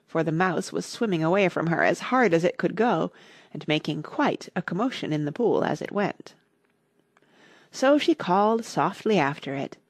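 Breathy woman reading a storybook aloud. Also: lowish voice, lively intonation, normal speed, no echo, studio quality. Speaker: narrator. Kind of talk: audiobook reading.

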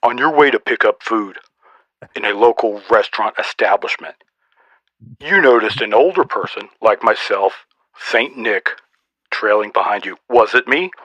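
A man's voice: fairly low pitch, animated, moderate pace, sharp tone, no echo. A man putting on a snarky old Santa. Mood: teasing. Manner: mock-stern roast, teasing. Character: boastful old male Santa Claus, snarky. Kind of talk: comedy podcast sketch.

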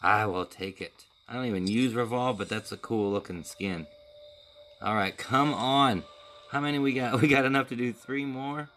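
A man's voice: medium pitch, normal speed, a bit bright, low-quality recording. A man giving casual running commentary while opening crates and playing a game, talking to himself. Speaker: gaming video creator.

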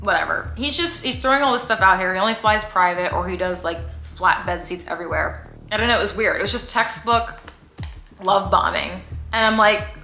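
Woman vlogger, chatty and sarcastic storyteller; bright tone, roomy echo. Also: mid-range voice, normal speed, faint music behind. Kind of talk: casual storytime vlog.

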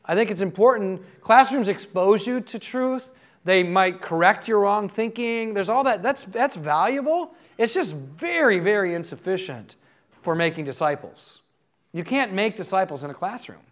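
A man's voice: high-pitched, animated, normal speed. A man giving a conversational teaching talk to a live audience, telling stories in an earnest way. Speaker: conference speaker.

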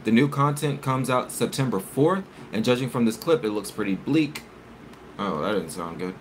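A man's voice: medium pitch, animated, moderate pace, a little hiss or hum. Rambling man live-streaming to chat. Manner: chatty and rambling, reads articles aloud with stumbles and self-corrections. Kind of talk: casual live-stream chat, reading chat messages.

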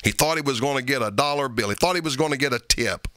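A male pastor with a mid-range voice talks fast through a sermon, with no echo in the recording. He reads scripture aloud in old-fashioned wording and punches repeated phrases with sharp rises.

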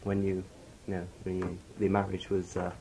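A man's voice: low voice, monotone, normal speed, background noise. A man interviewing a broadcaster, asking questions hesitantly and murmuring agreement as he listens.

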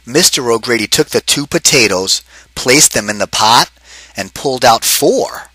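A man reads a picture book aloud to children, his voice bright and forward, swinging up and down in pitch as he tells the tale. He turns often to talk right to the kids, and the sound is close and dry with no room around it. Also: normal speed, slightly rough, no room sound, low-quality recording. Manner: expressive, talks straight to the children. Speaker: children's read-aloud narrator. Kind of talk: storybook read-aloud for kids.

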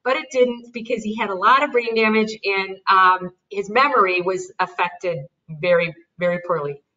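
A woman's voice: medium pitch, normal speed. A woman, a mother, telling her family's story in an interview and acting out what people said. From United States. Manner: animated retelling with quoted dialogue and light laughs. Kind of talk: conversational storytelling. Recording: distant, dull lo-fi recording.

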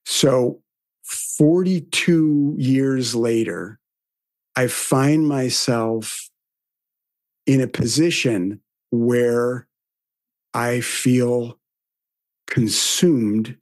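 Man in his 60s, slow unhurried storyteller, dry close sound, acts out the dialogue. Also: mid-range voice, a little mellow, no room sound. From American South. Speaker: podcast speaker. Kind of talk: storytelling reflection.

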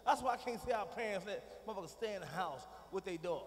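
A middle-aged man doing a profane stand-up comedy routine on a big arena stage, dropping from low muttering to shouting. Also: lively intonation, quick pace. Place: large arena stage with audience. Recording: live hall recording with reverb.

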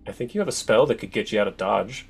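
A man running an online tabletop game as game master, explaining rules and reacting to dice rolls with quick exclamations. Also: fairly low pitch, creaky, slightly rough.

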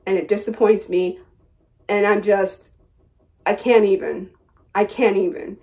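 Speaking to her camera in a medium-pitched, darkish voice, a young vlogger pours out a hurt, impassioned personal rant. She keeps repeating herself and drifts off into sorrowful fillers.

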